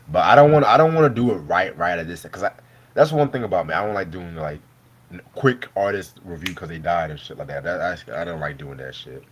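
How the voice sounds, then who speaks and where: Deep voiced dude rambling on a live stream, cursing and laughing, bit of noise behind. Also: male voice. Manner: loose, profane, laughing banter. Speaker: host. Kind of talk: casual live-stream chat.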